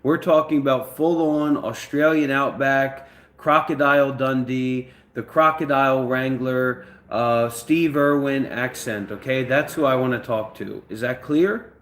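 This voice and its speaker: Male host, casual talk, demanding and profane, mid pitch, echoey room recording. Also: fairly even intonation, unhurried, a bit bright. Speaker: channel host.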